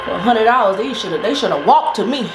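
A woman's voice: fairly high pitch, expressive, quick pace, background noise. Chatty woman vlogging in a roomy space. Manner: chatty, loose and talkative, repeats herself. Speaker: mukbang vlogger, host. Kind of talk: casual chat while eating. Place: indoors at her eating setup.

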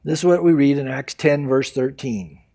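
A man preaching an expository sermon as pastor, emphatic and animated, acting out the people he quotes. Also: mid-range voice, normal speed. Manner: acts out quoted people in varied voices.

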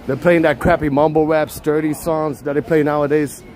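A man's voice: on the high side, level tone, normal speed, a little mellow, a little hiss or hum. A man from Puerto Rico joking and chatting casually while he walks and films a city street. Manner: joking, chatty, laughs a lot. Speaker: vlogger. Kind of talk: casual walking vlog.

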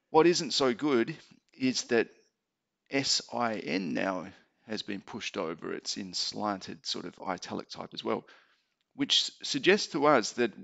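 A man teaching maths in a relaxed tutorial, thinking aloud as he types. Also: fairly low pitch, vocal fry. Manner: relaxed explaining, thinking aloud while typing. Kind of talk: screen-recorded tutorial. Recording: dull lo-fi home mic.

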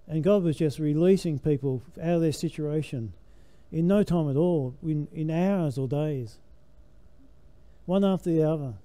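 A man's voice: on the high side, a little slow, warm tone. An older man preaching a sermon in a church, emphatic, his voice rising and falling with the message.

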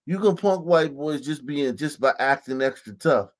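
A man's voice: fairly high pitch, animated, moderate pace. A man hosting a reaction video, talking casually in slang, swearing and repeating himself with "man" at the end of his lines.

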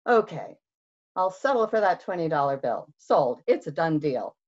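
A woman voicing a sly, fast-talking male fox salesman with a wheedling pitch, in a storybook reading. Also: big pitch swings, a little mellow. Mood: sly salesy. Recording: dull lo-fi recording.

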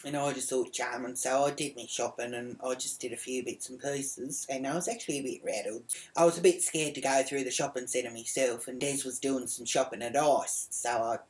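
A brash middle-aged woman with a low, deep voice, swearing freely as she tells a story. She jumps up into sharper, louder tones whenever she quotes someone. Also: steady tone, fairly quick. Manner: brash, profane, acts out quotes in raised voice. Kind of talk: comic monologue.

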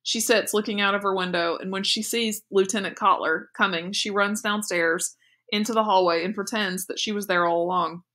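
An eager, chatty young boy who presses his point earnestly, as a woman reading aloud voices him. The tone is bright and lively, told in a storybook reading. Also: medium pitch, moderate pace, close to an everyday voice. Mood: insistent.

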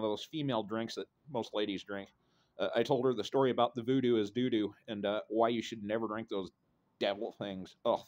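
A middle-aged man from Idaho telling a personal story in a casual, rambling way, swearing freely and tagging lines with "right?" and "you know.". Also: medium pitch. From Idaho, USA.

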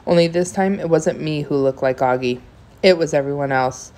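Brief: low-voiced woman, steady read-aloud of a novel. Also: moderate pace. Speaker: reader.

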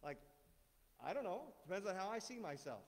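A man's voice: sits high, very animated, a little fast. A middle-aged man giving a sermon in a casual, joking way, firing off rhetorical questions at the congregation. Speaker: guest speaker. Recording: long hall reverb.

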